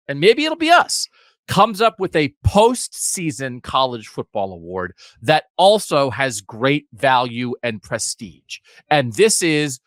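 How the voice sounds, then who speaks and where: A fairly high-voiced man talks through his case with plenty of rise and fall, pressing hard on each point. He jumps between asides and restarts in casual sports talk. The sound is dry and close. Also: a bit bright, no room sound. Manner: emphatic, argumentative, rapid asides. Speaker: podcast co-host.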